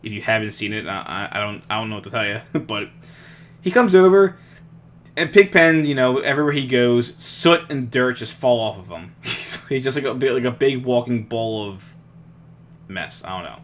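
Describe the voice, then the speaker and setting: A man's voice: mid-range voice, expressive, moderate pace. Young man, podcast co-host, casual rambling chat, laughs a lot, restarts his sentences.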